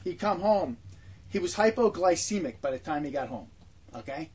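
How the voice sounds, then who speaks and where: A man's voice: on the high side, expressive, moderate pace, a little mellow, husky. An older man telling personal stories in a rambling way, full of repetitions and asides. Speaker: storyteller. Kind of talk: personal storytelling.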